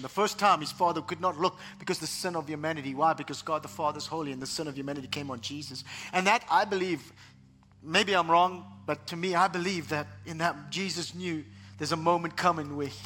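A man pastor preaching a sermon, animated, sometimes mimicking other voices. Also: on the high side.

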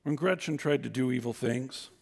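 A man preaching a sermon as pastor, humorous and conversational, swinging between loud emphasis and quiet asides. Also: mid-range voice, moderate pace, creaky.

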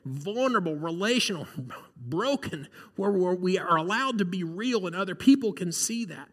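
A man's voice: high-pitched, pushed and bright, in a large hall. A male pastor giving a sermon, earnest and conversational, often checking in with the congregation.

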